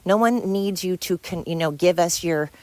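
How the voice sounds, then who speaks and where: A woman's voice: on the low side, normal speed, no echo. Heated, rambling woman podcaster. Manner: rambling and heated, stumbles over words. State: tired. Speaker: podcast host. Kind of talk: casual solo podcast monologue.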